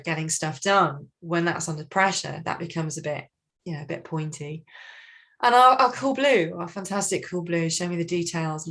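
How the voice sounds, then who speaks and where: A lively woman trainer runs an online workshop on communication styles, speaking over a video call. Her delivery is expressive, with frequent lifts in energy. Her pitch sits somewhat low for a woman. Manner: animated, expressive, acts out colleagues.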